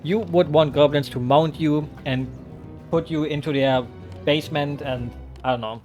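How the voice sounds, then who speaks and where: A man's voice: a little high, steady tone, moderate pace, darkish tone, faint music behind. A man streaming a game, chatting loosely with his chat, joking and rambling with lots of "like" and "you know". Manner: rambling, joking, many fillers.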